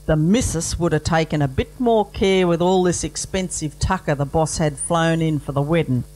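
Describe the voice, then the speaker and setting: A man's voice: on the high side, normal speed, a little mellow, natural voice, poor audio. A man with an Australian accent playing a blunt, grumbling working-class wedding guest in a comic yarn. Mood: disgusted. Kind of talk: comic bush poetry recital.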